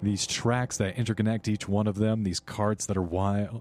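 Low-voiced man narrating a tabletop game. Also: moderate pace. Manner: descriptive, relaxed, with small restarts. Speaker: game master.

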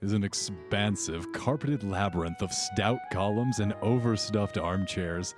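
Low-voiced man narrating a tabletop game. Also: music in the background. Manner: measured, descriptive narration with slow dramatic pauses. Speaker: game master.

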